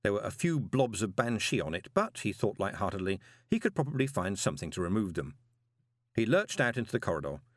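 A man reading a novel aloud as an audiobook narrator, dramatic and expressive with drawn-out pauses. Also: lowish voice, dry recording. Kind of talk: scripted narration. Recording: dry close studio recording.

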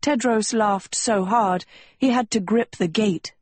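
A woman narrating an audiobook chapter in a measured, even storytelling manner. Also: mid-range voice, husky, no echo. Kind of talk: scripted narration.

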